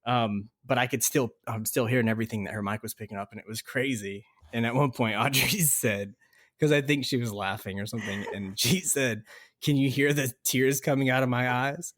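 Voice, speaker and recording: A man's voice: medium pitch, fairly quick, fairly bright tone. Laughing male podcast co-host. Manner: storytelling, laughs through his words. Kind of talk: casual podcast chat.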